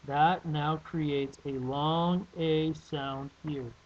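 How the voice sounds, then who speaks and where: A male teacher walks through a spelling and phonics lesson at a slow, deliberate pace. His voice sits a bit high for a man, and he repeats each word carefully. The recording is somewhat dull and lo-fi. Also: steady tone, a little mellow. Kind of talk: classroom lesson video.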